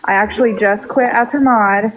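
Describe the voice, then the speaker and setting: A woman, a former chat moderator, in heated casual chat on a group livestream, earnest and halting as she repeats herself. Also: medium pitch, steady tone, slight background noise, poor audio.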